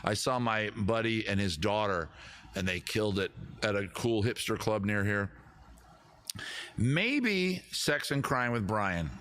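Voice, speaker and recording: A man's voice: lowish voice, lively intonation, unhurried, fairly bright tone. A man hosting a live comedy stream with a guitar, rambling, self-mocking and giggling at his own jokes. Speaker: host.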